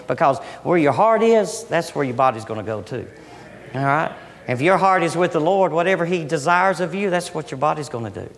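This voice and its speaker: A man's voice: on the high side, a bit bright. A man preaching a sermon in a conversational way, often restarting his sentences. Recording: long hall reverb.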